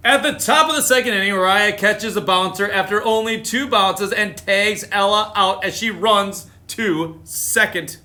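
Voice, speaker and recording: A man reading picture books aloud on a live stream, with animated, chatty asides. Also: high-pitched, a little slow, few pauses. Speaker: storytime reader.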